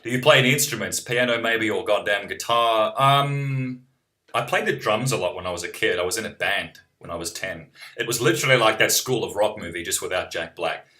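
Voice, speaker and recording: Low-voiced man chatting on a live stream. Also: brisk, sharp tone. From New Zealand. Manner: rambling, self-interrupting, wry. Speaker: musician streaming live and reading chat. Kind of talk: casual live-stream chat.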